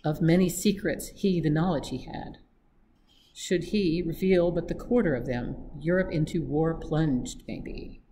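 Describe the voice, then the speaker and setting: A reader puts on a pompous older foreign baron from a storybook, speaking in stiff, formal sentences with twisted word order. The voice is mellow and fairly dark. There is a faint hiss behind it. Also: mid-range voice, a little slow, lightly acted. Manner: stilted formal speech with scrambled word order. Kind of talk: read-aloud audiobook acting.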